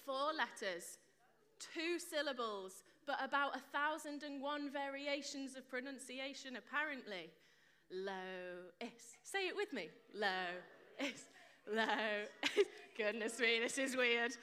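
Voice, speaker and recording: A woman's voice: high voice, measured pace, bright, forceful tone. A woman preaching to a live congregation in a chatty, playful way, joking and quizzing people, on a close mic that picks up her breathing. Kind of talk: chatty sermon with audience banter. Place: church hall with a live congregation. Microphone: close mic without windshield, audible breathing.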